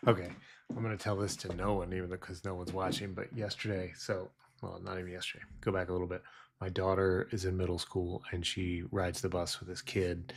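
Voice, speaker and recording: A man's voice: deep voice, little pitch movement, a little fast. A middle-aged man streaming his trading live, telling rambling self-deprecating stories in a casual chat. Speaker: futures trader streaming live.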